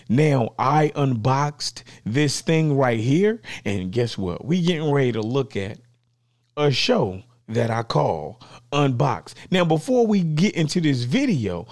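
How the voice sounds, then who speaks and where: Excited man unboxing gear. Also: medium pitch. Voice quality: animated, playful, slangy. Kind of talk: excited casual vlog.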